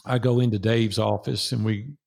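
A man's voice: lowish voice, flat delivery, moderate pace, creaky, a little mellow. A man in his sixties, a guest on an interview show, telling a personal story in an earnest, preacherly way and acting out the dialogue.

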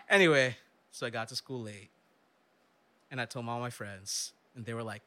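A young man telling a lively story on stage, laughing often and acting out the voices of the people in it. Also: medium pitch, moderate pace, long pauses, slight background noise. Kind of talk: live storytelling.

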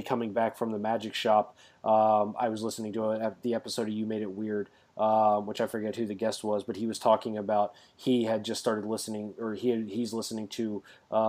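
A man's voice: lowish voice, level tone, normal speed, hardly any pauses, a little mellow. Rambling male podcast co-host. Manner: rambling, with many fillers and restarts. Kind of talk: casual chat.

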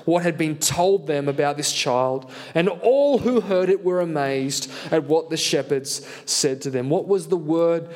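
Guy pastor preaching, pretty high voice, earnest and animated, pokes fun at himself. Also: a little slow, few pauses. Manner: earnest, animated storytelling with self-deprecating humor. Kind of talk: sermon with personal story.

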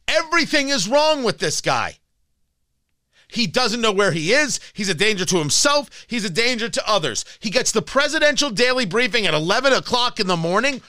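Combative male talk radio host, sarcastic, bright and tense, close and dry. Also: very high voice, no echo. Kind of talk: political talk radio monologue. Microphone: studio microphone.

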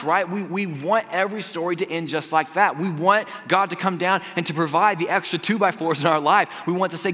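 A man preaching a sermon from the stage, talking in an animated, chatty way that swings between loud bursts and hushed asides. His voice sits a little high and sounds bright and forceful. The sound carries the long reverb of a large church hall. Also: a little fast, a faint crowd. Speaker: pastor. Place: church auditorium.

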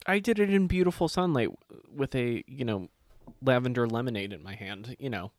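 A man tells stories in a casual chat, lively and profane, slipping into other people's voices as he quotes them. His voice sits in an ordinary middle range. The sound is dry and close. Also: mid-range voice, brisk, no room sound. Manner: animated storyteller, swears freely, mimics people in quotes.

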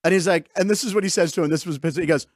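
A man's voice: high-pitched, rapid-fire, dry recording, studio quality. A man hosting a casual talk show, telling stories and acting out the people in them. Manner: animated storyteller, acts out quotes. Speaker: host. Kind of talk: casual chat.

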